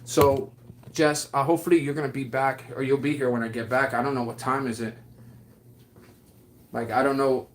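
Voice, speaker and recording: A man's voice: mid-range voice, steady tone, normal speed, long pauses. A man chatting casually on his livestream, rambling and affectionate, with lots of fillers as he answers viewers. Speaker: livestream host.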